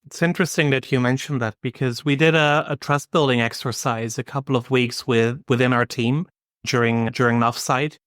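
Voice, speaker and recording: Smooth-voiced calm male podcast host. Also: mid-range voice, a little fast, dry recording, studio quality. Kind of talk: casual chat.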